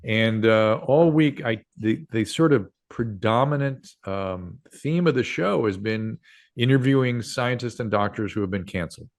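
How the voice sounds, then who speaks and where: A man in his sixties with a fairly low voice, speaking as a guest on an interview show. He tells long stories in a loose, rambling way, full of fillers and restarts. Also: moderate pace. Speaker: guest doctor and radio host. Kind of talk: casual interview storytelling.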